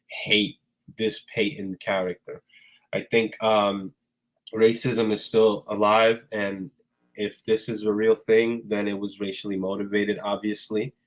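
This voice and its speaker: A man hosting a casual livestream talk, rambling loosely and laughing often, with a cold that keeps him sneezing. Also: fairly low pitch. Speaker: host.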